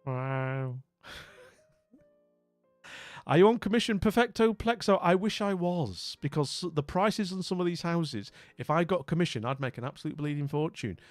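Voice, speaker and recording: A man with a northern English accent streams live, chatting casually with friendly greetings, rambling, and restarts. He is still a bit weak after an illness. His fairly high voice has lively intonation at a moderate pace, with no room sound and faint background music.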